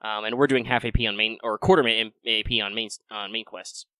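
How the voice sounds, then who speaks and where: A man hosting a casual live-streamed game podcast, chatty and quick through sponsor reads. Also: fairly low pitch, fairly even intonation, sharp tone, clear, resonant tone, no echo. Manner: chatty, fast patron list reading. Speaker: podcast host.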